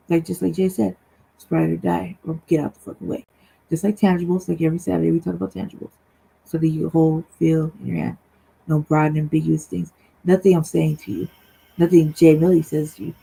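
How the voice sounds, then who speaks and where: A woman with a gravelly, husky voice joins a livestream talk show over a remote streaming call. She talks in a casual, heated way, blunt and full of profanity, and keeps tagging her points with "right?". Her tone sits low and mellow. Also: level tone, brisk, pauses often, low-quality recording.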